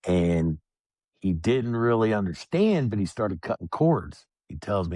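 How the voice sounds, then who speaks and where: A man speaking as a podcast guest, telling his own story in a plain, calm and reflective way. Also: lowish voice, a little slow, dry recording. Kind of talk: candid personal storytelling.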